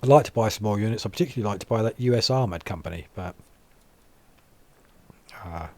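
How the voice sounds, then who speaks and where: A man's voice: on the low side, fast talker, mellow. An English man giving casual, chatty gameplay commentary, wry and a little grumbling. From England.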